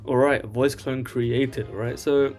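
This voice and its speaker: A man's voice: mid-range voice, fairly even intonation, unhurried, a little mellow, faint music behind. Male tutorial host, casual and rambling, checks in with "alright?" constantly. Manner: rambling, tags lines with "alright?". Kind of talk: casual screen-share tutorial.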